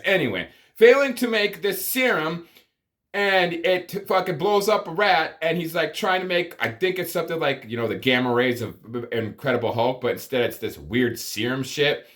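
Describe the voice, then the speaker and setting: A man's voice: on the high side, animated, normal speed, a bit bright. A man giving a profane comedic movie review, exasperated and ranting, with sighs and groans of disbelief. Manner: exasperated, swearing, sighing rants.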